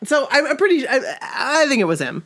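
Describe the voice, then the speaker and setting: A woman co-hosting a podcast, reading listener stories aloud in a casual, animated way and often laughing. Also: brisk. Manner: animated, laughs often, jumps into high exclamations.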